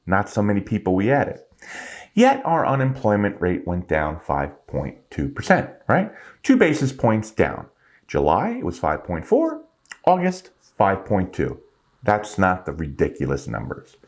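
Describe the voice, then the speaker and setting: Animated, exasperated middle-aged man ranting. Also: sits low, a little slow. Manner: animated, rhetorical, exasperated, addresses viewers by name. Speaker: finance channel host. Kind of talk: ranting vlog monologue.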